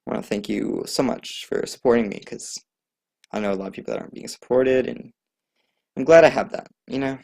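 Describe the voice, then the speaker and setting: A man's voice: mid-range voice, fairly quick, vocal fry, darkish tone. A young man hosting his own casual solo podcast, rambling and joking at his own expense. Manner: rambling, jokey, self-deprecating; loose, chatty, trails off with many fillers. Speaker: podcast host.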